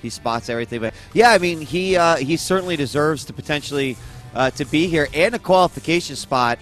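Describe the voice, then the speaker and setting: A man co-casting a video game match in an easygoing way, often pausing with fillers. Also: on the high side, fairly bright tone, soft background music. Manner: easygoing, hesitant with many fillers. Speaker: esports caster. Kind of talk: casual game commentary.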